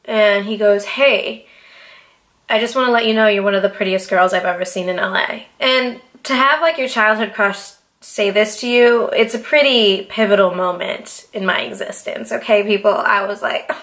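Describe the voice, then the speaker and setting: A woman in her late twenties from Boston, telling a story in a casual, animated way, swearing freely and acting out what people said. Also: mid-range voice. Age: 20s. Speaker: vlogger.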